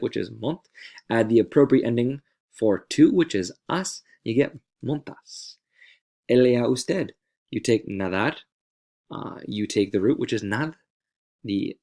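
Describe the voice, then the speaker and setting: A man's voice: fairly low pitch, creaky, a little mellow. A man teaching Spanish verb endings in a video lesson, patient and repeating words to stress how they sound.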